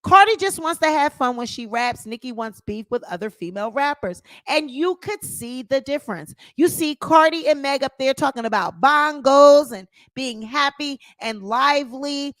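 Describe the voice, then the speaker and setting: A woman's voice: high voice, lively intonation, moderate pace, hardly any pauses, a bit bright, no echo. A woman hosting her own channel, giving sassy, opinionated celebrity gossip commentary and calling her viewers honey.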